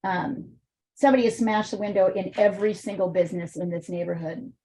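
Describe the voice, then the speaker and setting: A woman's voice: medium pitch, brisk, dark tone, breathy edge, poor audio. A woman teaching an art class, chatting casually and telling rambling stories.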